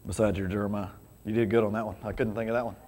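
A man's voice: fairly low pitch, level tone, racing, darkish tone, slight background noise. A man preaching a casual, conversational sermon full of rhetorical questions to his congregation. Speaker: pastor. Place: church sanctuary. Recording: reverberant church hall.

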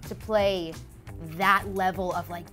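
A woman's voice: medium pitch, little pitch movement, unhurried, fairly bright tone, soft background music. A woman interviewing a guest in a bubbly, chatty way, a little out of breath, saying "like" a lot. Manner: bubbly and chatty, heavy use of "like". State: a bit out of breath. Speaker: entertainment news interviewer. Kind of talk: casual interview.

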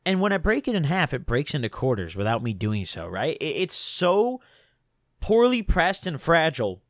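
A young man vlogger telling a story in an animated, profane, indignant way. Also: on the high side, moderate pace, dry recording, clean studio sound. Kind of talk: storytime vlog.

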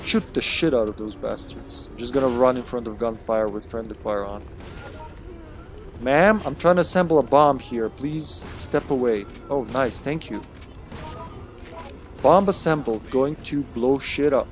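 A man's voice: medium pitch, unhurried. A man streaming a video game, giving casual, chatty commentary with swearing and laughter. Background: game music.

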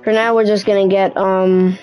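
Casting: casual woman game streamer, chatty, warm mellow tone, faint music behind. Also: mid-range voice, flat delivery, moderate pace, low-quality recording. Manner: chatty, scattered, with "anyway" asides. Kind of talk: casual gameplay commentary.

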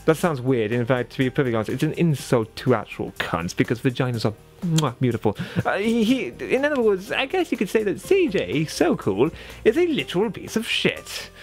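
A man's voice: very animated, a little fast, soft background music. A man in his twenties giving sarcastic, profane reaction commentary on a video he is reviewing. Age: 20s. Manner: mocking, profane, swings pitch for sarcasm.

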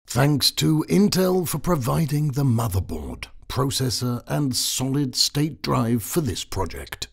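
A man's voice: mid-range voice, very animated, a little slow, gravelly, hardly any pauses, breathy edge. A man reading a scripted voice-over narration with a dry, wry delivery.

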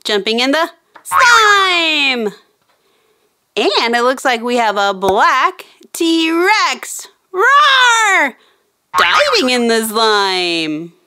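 Woman, kids' toy show presenter: slow, sing-song and excited, voice leaping up and down, dry close sound. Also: on the high side, no room sound. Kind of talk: playful toy demo for kids.

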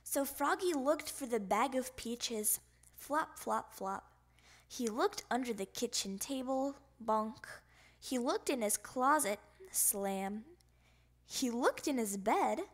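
A woman's voice: fairly high pitch, lively intonation, takes it slowly. A woman reading a picture book aloud for children, playfully speaking the sound effects. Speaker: storybook reader.

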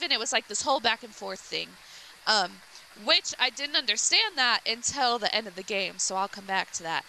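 A woman's voice: medium pitch, expressive, a little fast, creaky, sharp tone, slight background noise, low-quality recording. A woman streamer casually retelling a game's story, rambling with lots of likes and restarts.

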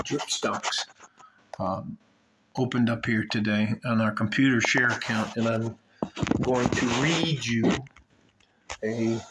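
A man with a West Texas accent talking casually and bluntly to his viewers, rambling and swearing now and then. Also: medium pitch. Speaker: vlogger. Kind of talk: casual direct-to-camera talk. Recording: echoey room with faint ambient noise.

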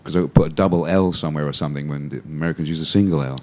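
A man teaching pronunciation in a relaxed, chatty way, repeating words slowly for practice. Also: extremely low pitch, a little hiss or hum. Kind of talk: casual pronunciation lesson.

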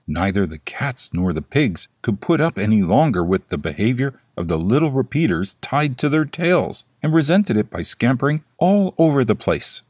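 A man's voice: lowish voice, husky, no room sound, clean studio sound. A man narrating a classic story as an audiobook, in a theatrical reading style. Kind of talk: scripted horror story narration.

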